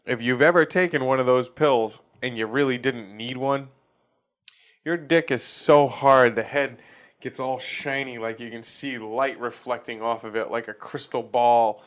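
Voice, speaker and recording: A man's voice: mid-range voice, measured pace, fairly bright tone. A man from Massachusetts hosting a comedy podcast, ranting casually with lots of swearing and laughing at his own jokes. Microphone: facing a camera.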